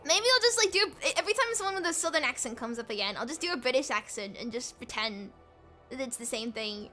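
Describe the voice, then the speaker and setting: A young woman streamer chatting casually and playfully, giggling and excitable while reading a game aloud. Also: high-pitched, quick pace, soft background music.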